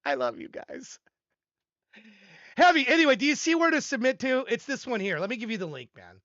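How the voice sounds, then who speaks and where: An older man hosts a live music-review stream, talking in a rambling, self-deprecating way and laughing often. His voice is bright and animated, swinging widely in pitch. The sound is dry and a little dull. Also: a little fast, no echo. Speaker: livestream host reviewing music submissions. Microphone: desk microphone.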